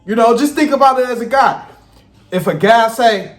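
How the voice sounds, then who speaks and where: A man, hosting a reaction video and giving blunt, profane, animated commentary. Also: very high-pitched, moderate pace. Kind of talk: casual commentary. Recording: echoey room with faint music.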